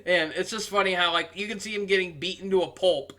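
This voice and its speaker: A young man giving a casual, rambling review, amused and full of pauses. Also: high voice, steady tone, pushed and bright. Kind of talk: casual commentary.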